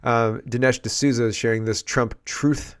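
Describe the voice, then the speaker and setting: A man's voice: medium pitch, fairly even intonation, unhurried, smooth. A man from Canada hosting a casual political commentary show, chatty and digressive, thinking aloud as he talks.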